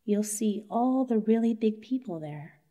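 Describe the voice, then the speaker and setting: A woman voicing an earnest young male clerk who pleads with his wife in a bedtime story, in a gently insistent manner. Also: on the high side, lively intonation, unhurried, muffled recording. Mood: coaxing.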